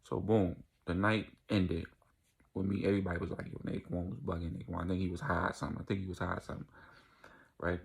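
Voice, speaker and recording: A man's voice: low voice, little pitch movement, fast, creaky, breathy edge. A young man telling a casual storytime vlog, acting out the voices of people in his story.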